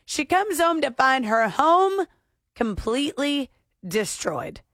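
A woman hosting a radio morning show, telling a story in a lively, teasing way into a studio microphone. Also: sits high, slow, no echo.

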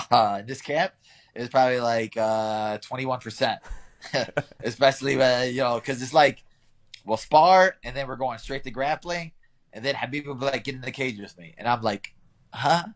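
A man's voice: medium pitch, normal speed. A young man, an interviewed fighter, answering casually, laughing often and telling stories. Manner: relaxed, laughs often, storytelling with acted quotes.

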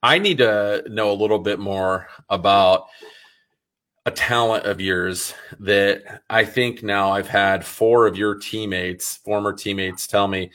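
A man hosts a casual podcast interview with an enthusiastic, quick-talking manner. His voice sits on the low side. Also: steady tone, a bit bright. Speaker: podcast host. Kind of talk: casual chat.

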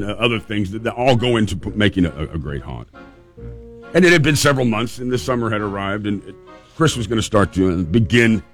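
A man's voice: lowish voice, a bit bright. A man hosting a show, telling a funny story in a casual, chatty way with restarts. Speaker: podcast host.

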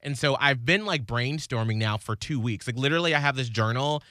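A man co-hosting a podcast in casual chat, animated, with excited outbursts. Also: medium pitch, brisk, dry recording, studio quality. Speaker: podcast co-host.

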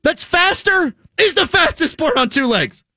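A man's voice: very high-pitched, lively intonation, unhurried, bright, forceful tone, dry recording. A man hosting a show, trading blunt wisecracks in casual banter. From Pittsburgh area. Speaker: show host. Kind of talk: casual sports talk banter.

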